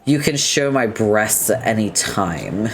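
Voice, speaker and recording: Man reading as a slow, deadpan crude troll girl. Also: on the low side, soft background music. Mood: deadpan lewd. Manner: slow, flat, blunt lewd come-ons.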